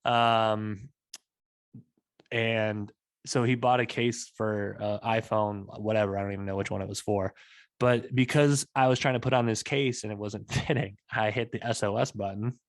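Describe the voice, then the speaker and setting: A man's voice: fairly low pitch, normal speed, dry recording. A man hosting a podcast, telling a story in rambling, profane casual chat. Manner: rambling storyteller, heavy swearing, animated. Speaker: podcast host.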